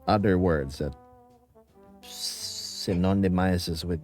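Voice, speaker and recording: Here the Filipino streamer's voice is low, slow and a little mellow, with faint music in the background. In a light Filipino accent, he chats playfully from home, wandering from topic to topic and reading out messages from the chat.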